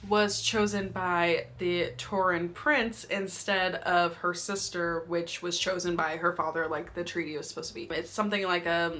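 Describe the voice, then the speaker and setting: Young woman gushing about books, kinda low voice, laughs a lot, super excited. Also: normal speed, few pauses, slight background noise. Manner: gushing, enthusiastic, laughs often. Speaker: book vlogger. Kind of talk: casual book review chat.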